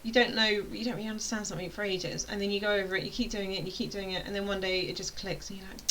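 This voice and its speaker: A woman's voice: medium pitch, level tone, rapid-fire, fairly bright tone, poor audio. A British woman talks straight to her students as an online course tutor. Her delivery is loose, rambling and playful, and she often stops herself mid-sentence. A faint hiss sits under her voice. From United Kingdom. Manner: rambling, self-interrupting, playful. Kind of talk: casual chatty explainer.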